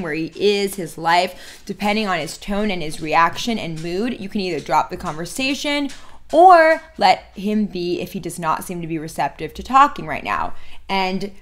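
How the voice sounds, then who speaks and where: A woman's voice: fairly low pitch, a bit bright. A woman hosting a dating advice video, speaking bluntly and emphatically and repeating her key points. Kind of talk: direct-to-camera advice talk.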